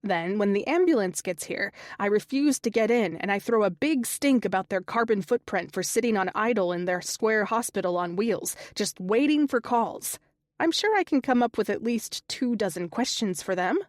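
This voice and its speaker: A woman's voice: mid-range voice, expressive, normal speed, no room sound, clean studio sound, natural voice. A woman narrator voicing a sassy, playful young woman with a teasing, upbeat way of talking.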